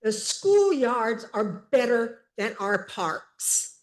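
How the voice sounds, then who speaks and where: Woman in her 70s, slow deliberate delivery, emphatic and halting, council meeting public comment. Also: mid-range voice, expressive, darkish tone. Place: city council chamber.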